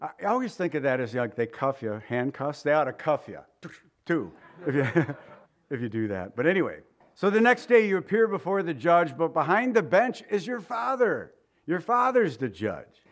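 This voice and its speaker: Animated higher-voiced male preacher. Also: normal speed. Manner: animated storytelling with chuckles and acted-out voices. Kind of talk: sermon.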